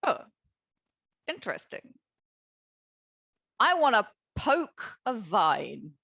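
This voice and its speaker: A woman's voice: medium pitch, huge pitch swings, extremely slow, vocal fry, bright, forceful tone, breathy edge, dry recording, highs cut off. A woman playing in a tabletop game, talking in a playful, joking way. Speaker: player. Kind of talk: casual tabletop play.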